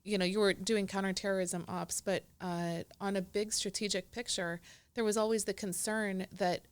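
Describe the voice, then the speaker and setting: A woman's voice: mid-range voice, fairly even intonation, normal speed, clear, resonant tone. Woman host asking questions. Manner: inquisitive, interjects short replies. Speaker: interview host. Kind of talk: conversational interviewing.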